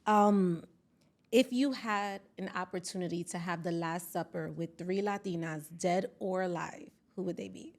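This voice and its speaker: A woman's voice: fairly low pitch, normal speed, vocal fry, a little mellow. A woman hosting an interview podcast, enthusiastic and encouraging with her guest. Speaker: podcast host. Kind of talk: casual interview.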